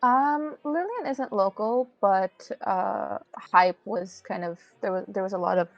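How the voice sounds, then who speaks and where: Female player, gravelly voice, dry dull recording, hesitant. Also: medium pitch, a little slow, dry recording. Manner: hesitant, thinking aloud. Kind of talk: casual game chat.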